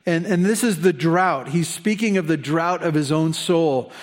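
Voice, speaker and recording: Animated pastor preaching with asides. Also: male voice, a little high, measured pace. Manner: animated, conversational, with asides and humor. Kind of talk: sermon.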